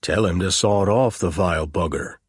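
A sour old village sergeant with a husky, growling edge, put on by a male narrator. He is dismissive and sarcastic, his voice low and grainy in a dry, close audiobook reading. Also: normal speed, no echo. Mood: gruff, sarcastic. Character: gruff aging village police sergeant, sour.

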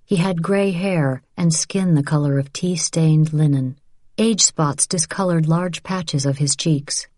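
A woman reads a novel aloud in a calm, even narration, her voice low and mellow. The recording is dry and close, with no room sound at all. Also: measured pace, no echo. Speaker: audiobook narrator. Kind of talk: scripted audiobook narration.

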